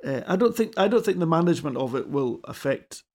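A man giving halting, considered opinions as a pundit in a panel chat, with many restarts. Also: on the high side, sing-song, a little mellow.

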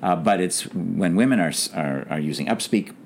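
A man with a very deep, low voice hosts a conversational interview. He speaks haltingly, circling and restarting his sentences before landing on a point. Faint background noise runs beneath him. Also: animated, vocal fry. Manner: hesitant, many fillers and restarts. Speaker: interview host.

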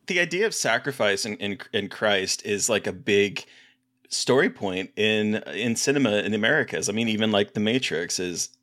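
A man's voice: lowish voice, animated, moderate pace, fairly bright tone. A man co-hosting a casual movie review podcast, hesitant and repeating words as he thinks. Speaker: podcast co-host.

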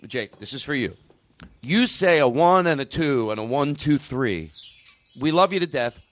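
A man hosting a comedy podcast, exasperated and bossy as he talks over the others in quick improvised banter. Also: mid-range voice, animated. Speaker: podcast host.

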